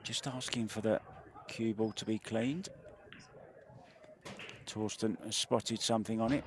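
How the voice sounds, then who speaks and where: A man's voice: on the low side, fairly even intonation, a little slow, background noise. A man calling a pool match live, dry and wry in his understatement. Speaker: pool commentator. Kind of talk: live sports commentary.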